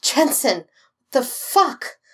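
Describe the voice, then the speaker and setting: A woman's voice: sits high, very animated, drawn-out words, a bit bright, husky, voice pushed up, full character voice. A woman voicing an impatient, pleading young man. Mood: urgent. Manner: urgent, pleading and exasperated.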